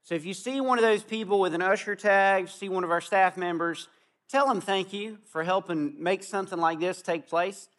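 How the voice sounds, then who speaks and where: A man preaching an outdoor sermon, telling stories earnestly and slowing down to stress key words. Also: sits high, fairly bright tone. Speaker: pastor. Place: outdoor gathering.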